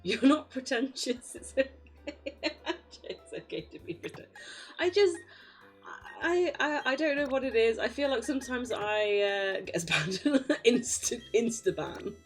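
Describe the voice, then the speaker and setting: A woman's voice: a little high, animated, measured pace, soft background music. Chatty British woman streamer, laughing often. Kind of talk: casual live-stream chat while gaming.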